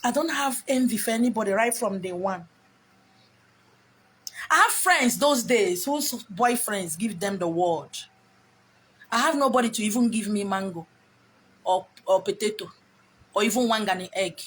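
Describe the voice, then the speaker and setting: A woman's voice: medium pitch, moderate pace, long pauses, a bit bright, slightly rough. A middle-aged Nigerian woman talking to camera, bluntly scolding her viewers with bits of pidgin mixed in. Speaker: vlogger. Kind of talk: talking to camera, advice rant.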